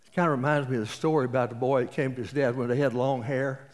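A man's voice: mid-range voice, steady tone, fast. A man in his late seventies with an East Texas accent, preaching a sermon and telling folksy stories with jokes. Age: 70s. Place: auditorium. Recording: reverberant auditorium.

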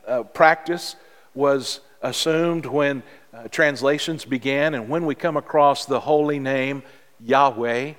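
A man preaching a sermon as pastor, in a measured, earnest way with emphatic pauses. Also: a little high. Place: church sanctuary. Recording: long reverb of a large hall.

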